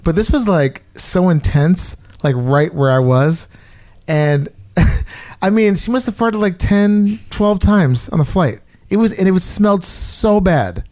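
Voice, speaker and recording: A man with a slightly raised pitch tells a story on a casual podcast. He talks in a lively way and swears a lot as he goes. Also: unhurried. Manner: animated profane storytelling.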